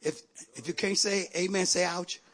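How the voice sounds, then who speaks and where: A man preaching a sermon in a church, calling out to the congregation and rising to shouts. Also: high-pitched, steady tone, normal speed. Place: church sanctuary.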